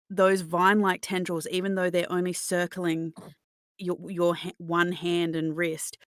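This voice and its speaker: A woman narrating a tabletop game as game master in an immersive second-person style, pausing and restarting as she searches for words. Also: fairly low pitch, no room sound, studio quality.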